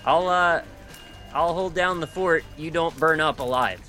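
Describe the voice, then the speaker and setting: A man's voice: on the high side, unhurried, sharp tone, faint music behind. A man co-hosting a casual chat, teasing his friend and tossing out goofy suggestions.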